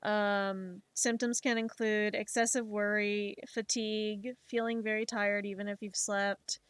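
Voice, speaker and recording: A woman streamer chatting casually while she makes art, swearing freely and retelling things in an animated, emotional way. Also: mid-range voice, measured pace, smooth, dry recording. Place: home streaming setup.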